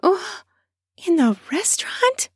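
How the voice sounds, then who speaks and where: A woman's voice: extremely high pitch, sing-song, slow, no echo, clean studio sound, pitched above the performer's own voice, heavily acted. A woman voicing a nervous, curious married woman who hesitates and second-guesses herself, in improvised erotic storytelling. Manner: hesitant, breathy, unsure.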